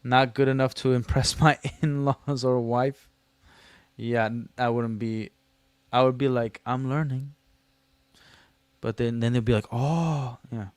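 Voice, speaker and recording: A man's voice: mid-range voice, steady tone, a little slow, long pauses, a little mellow, smooth, no echo. A man hosting a casual livestream, reading chat messages aloud and answering them with slangy jokes and teasing. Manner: slangy, loose delivery with many fillers. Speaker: livestream host.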